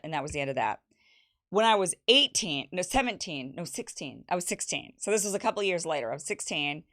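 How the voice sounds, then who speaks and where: A young woman hosts a relaxed birthday livestream, her voice sitting a little low. She chats loosely about her life, reads viewers' messages aloud, and teases them with quick asides and laughs. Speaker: show host. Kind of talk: casual birthday livestream chat.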